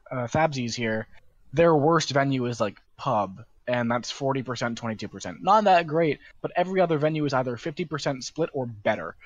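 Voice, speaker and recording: A man's voice: mid-range voice, dry recording. A man casting a live online game match, thinking aloud with many fillers and restarts over slightly muffled call audio. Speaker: esports caster.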